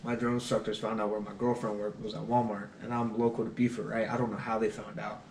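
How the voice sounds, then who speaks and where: A young man, a former Marine, telling boot camp stories in a casual, animated way, often laughing. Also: fairly low pitch, fast talker, slight background noise. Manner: animated, laughing, acting out shouting drill instructors in his stories. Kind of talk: casual storytelling chat. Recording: echoey room, somewhat far from mic.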